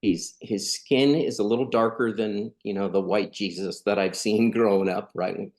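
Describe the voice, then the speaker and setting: A man's voice: on the low side, steady tone, normal speed, a little mellow. A middle-aged man from California, a podcast guest telling a personal story in a casual, earnest way, acting out the dialogue. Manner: earnest, conversational, acts out quoted dialogue.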